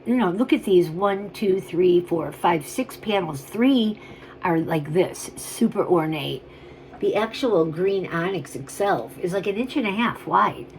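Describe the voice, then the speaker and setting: A woman's voice: on the low side, expressive, measured pace, darkish tone, slight background noise, low-quality recording. A woman chatting casually on camera as she shows and sells vintage jewelry, rambling and gushing over each piece. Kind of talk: casual on-camera selling chat.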